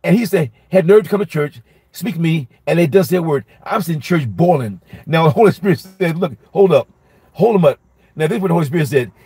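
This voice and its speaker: A male minister with a somewhat high, husky and mellow voice tells a personal story as a sermon. He speaks in an animated storytelling manner and says most phrases twice for emphasis. The sound is dry and close, with no room echo. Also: quick pace. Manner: repeats each phrase for emphasis. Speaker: minister teaching Bible study.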